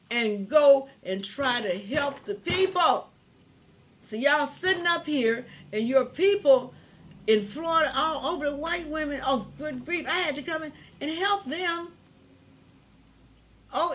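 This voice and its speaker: Rambling high-voiced older woman. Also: a bit bright. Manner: rambling, emphatic, preachy. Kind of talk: impassioned political monologue.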